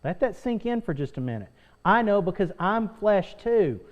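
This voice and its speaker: A man's voice: sits high, sing-song, moderate pace, muffled recording. A man teaching a Sunday School lesson as pastor, earnest, reading scripture aloud and repeating phrases for emphasis. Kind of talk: preaching Bible lesson.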